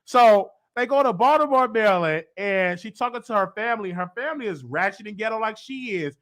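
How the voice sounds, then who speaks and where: High-voiced animated male show host. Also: a little fast. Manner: animated, slangy, loud bursts, quotes people. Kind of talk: casual recap and review.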